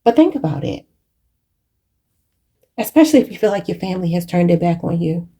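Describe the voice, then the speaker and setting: A woman's voice: fairly low pitch, animated, brisk, warm tone, slightly rough. A woman giving a channeled tarot reading, emotional and preachy, choked up and near tears, calling her viewers y'all. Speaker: tarot reader.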